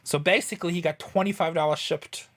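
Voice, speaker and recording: A man's voice: a little high, fairly even intonation, brisk, fairly bright tone. A man from Southern California who hosts a reselling channel, talking in a chatty, rambling, wry way. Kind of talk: casual vlog chat.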